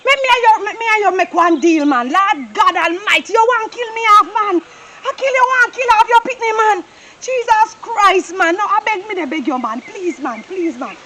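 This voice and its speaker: A woman's voice: very high voice, animated, normal speed, sharp tone, slight background noise, heavily acted. A woman with a Jamaican accent playing a frantic woman caught between two men, pleading and exclaiming over and over in a comedy skit. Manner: pleading and exclaiming, repeats herself.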